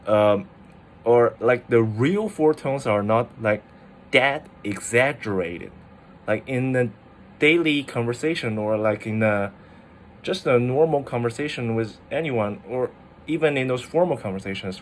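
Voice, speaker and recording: A man explains pronunciation in an unhurried, chatty way. His speech is slow and full of "like" fillers and restarts. A faint background noise sits under his voice. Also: medium pitch. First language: Mandarin Chinese. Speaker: language teacher. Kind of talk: casual explainer video.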